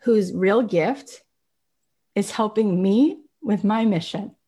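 Animated woman telling motivational stories. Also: medium pitch, takes it slowly, slightly rough. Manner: animated storyteller, acts out quoted voices. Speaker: podcast host. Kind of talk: motivational talk.

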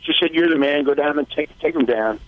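A man's voice: fairly high pitch, no room sound. A man calls in to a radio show and tells a heartfelt story, stopping and restarting as he goes. His voice comes through a dull, lo-fi line. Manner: emotional, halting storytelling. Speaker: caller. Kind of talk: phone call telling a story.

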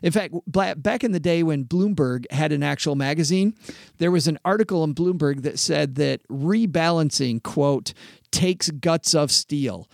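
A middle-aged man, once a financial planner, tells an animated story in casual conversation. His voice sits a little high with a gravelly rasp, and the recording is dry and close. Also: normal speed, no echo. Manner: animated storyteller, acts out clients. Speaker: podcast host, former financial planner. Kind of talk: casual chat.

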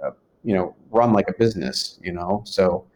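A man's voice: sits low, animated, normal speed, a little mellow, slight background noise. A man in his twenties telling his story in a rambling, casual way, with many fillers and restarts. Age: 20s. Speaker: guest.

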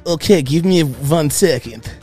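A man's voice: on the high side, lively intonation, a little slow, darkish tone, faint music behind. A man voicing a disfigured male Russian villain posing as a barista, in a put-on Russian accent, improvising a comedy scene. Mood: menacing. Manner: menacing, then screaming and begging. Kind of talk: improvised comedy role-play.

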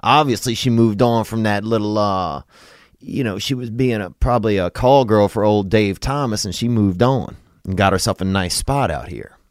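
A man's voice: lowish voice, normal speed, darkish tone, no room sound, clean studio sound. A man, hosting a podcast in a laid-back, rambling, joking way. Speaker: podcast host. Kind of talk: casual podcast chat and ad read.

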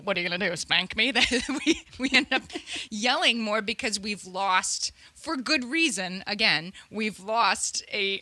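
Woman co-host. Crisp, bright voice, close dry mic, easygoing explainer. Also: medium pitch, dry recording. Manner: chatty, laughing easily, explaining with restarts. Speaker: podcast co-host. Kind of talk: casual chat.

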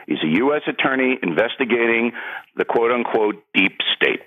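An author and political commentator appears as a guest, his voice on the low side with phone-quality sound. His commentary is heated and emphatic; he gets worked up and repeats points for punch.

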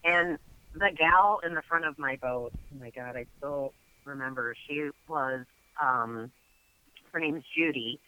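Chatty man with a sharp, bright voice. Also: fairly high pitch, a little slow, clear, resonant tone, rough recording. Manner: chatty, full of fillers. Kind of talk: casual storytelling.

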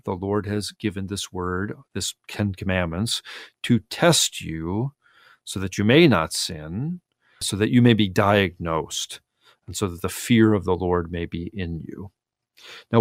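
A man, a pastor, giving earnest, teacherly Bible commentary on a talk show, acting out scripture quotes in lively voices. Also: on the low side, dry recording, studio quality.

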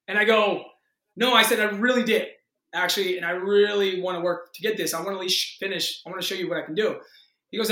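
A man in his thirties, an actor, telling a story in a casual interview with excited energy, acting out quotes and swearing freely. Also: sits high, moderate pace, echoey room. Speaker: actor guest.

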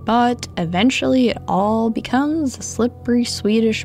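A woman's voice: fairly high pitch, unhurried, creaky, darkish tone, faint music behind. A woman reading a first-person story in a reflective, evenly paced storytelling manner. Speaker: narrator.

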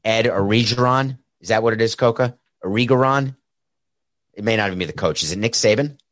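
A man's voice: lowish voice, very fast, no room sound. A man hosting a solo sports talk show, rambling and sarcastic with jokey asides, speaking into a headset mic. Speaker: sports podcast host. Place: home studio set with camera and soundboard. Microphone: headset mic with earpiece.

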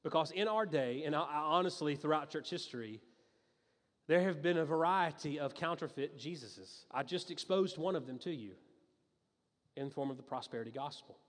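A male pastor gives a conversational sermon, pressing his points with emphasis and breaking off into quick asides. His voice sits a little above the usual male range, and it rings out with the long reverb of a large hall. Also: on the high side, lively intonation.

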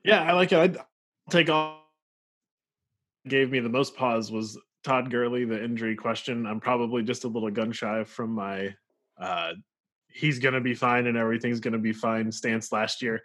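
Male co-host, average pitch, emphatic sports-talk delivery. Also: fairly even intonation, moderate pace, a bit bright. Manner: confident, emphatic opinions. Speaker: podcast co-host. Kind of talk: casual fantasy football chat.

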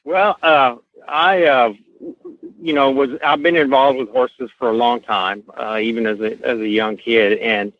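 A middle-aged man with a Kentucky Southern accent tells stories slowly as a podcast guest, often pausing on fillers. His voice comes through a narrow, tinny line, close and dry with no room sound. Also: medium pitch, fairly even intonation, dry recording. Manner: slow, unhurried, many uh fillers. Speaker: guest, horse association president. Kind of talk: casual podcast interview, storytelling.

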